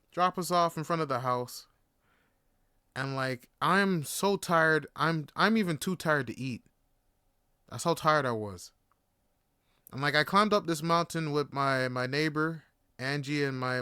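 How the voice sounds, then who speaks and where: A man hosting a podcast, telling a story in a casual, animated and profane way, often laughing. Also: a little high, smooth, no echo, clean studio sound. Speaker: podcast host.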